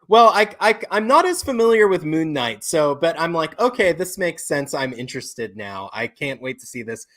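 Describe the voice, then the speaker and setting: A man co-hosting a podcast in casual chat, measured and agreeable, backing his partner with lots of mm-hmms. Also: a little high, sing-song, fairly bright tone. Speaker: podcast co-host.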